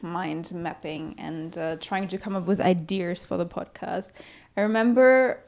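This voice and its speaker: A woman's voice: lowish voice, measured pace, creaky, a little mellow. A woman co-hosting a podcast in casual chat, hesitant and full of fillers, often giggling. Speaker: podcast co-host.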